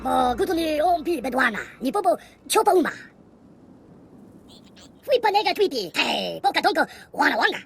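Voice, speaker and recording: A woman's voice: high voice, big pitch swings, brisk, creaky, long pauses, full character voice. A woman voicing an alien scavenger who chatters in a made-up tongue, in a game cutscene. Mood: chattering. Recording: game cutscene with music behind.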